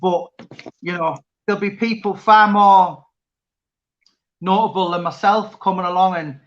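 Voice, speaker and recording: A man's voice: sits high, steady tone, a little slow, fairly bright tone, dull audio. A man chatting casually as interviewer, rambling with many restarts. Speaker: interviewer and author. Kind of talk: casual chat.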